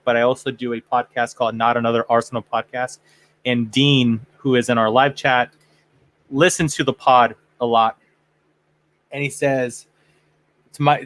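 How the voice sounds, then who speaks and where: An excitable man hosting a casual chat podcast. He talks at a middling pitch, swears freely and restarts his sentences often. His voice sounds dry and close, with no room echo. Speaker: podcast host.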